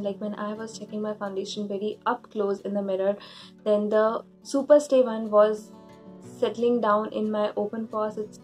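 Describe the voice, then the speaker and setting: A woman's voice: medium pitch, darkish tone. A woman in a makeup review vlog, explaining her results in an earnest way with small restarts. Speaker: beauty vlogger.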